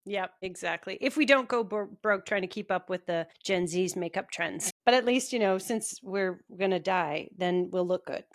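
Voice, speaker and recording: A woman's voice: mid-range voice, normal speed, few pauses, no room sound, clean studio sound. A middle-aged woman co-hosting a podcast, joking and laughing often in casual chat. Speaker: podcast co-host.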